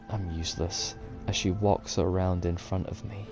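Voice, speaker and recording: A man reading a visual novel's text aloud at a measured pace while playing through it. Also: sits low, level tone, darkish tone, soft background music. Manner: slow, measured reading of game text with occasional sworn reactions. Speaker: gaming video host.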